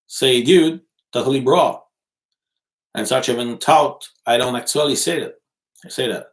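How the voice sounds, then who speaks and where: A man from Quebec City speaking English with a Quebec French accent; his first language is French. He answers viewer comments in a relaxed livestream chat. His delivery is halting, with many fillers and self-corrections, and his voice sits at an ordinary middle pitch. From Quebec City, Canada. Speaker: livestream host and journalist.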